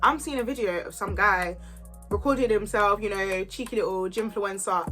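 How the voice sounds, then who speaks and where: A woman, telling a story in an animated, chatty, slangy way. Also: medium pitch, moderate pace, music in the background. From Kent, England. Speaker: YouTuber. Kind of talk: storytime vlog chat.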